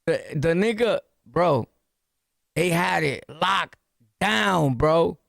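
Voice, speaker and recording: High gravelly New York man. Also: slow pace, no room sound, studio quality. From New York City. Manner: animated, slangy, punchy storytelling with sound-effect words. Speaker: podcast host. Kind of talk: storytelling jail anecdote.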